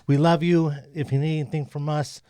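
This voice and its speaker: A man's voice: a little high, level tone, a little fast, warm tone, smooth, no echo. A man co-hosting a podcast in loose, casual chat, swearing freely. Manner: loose, swearing, laid-back. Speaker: podcast co-host.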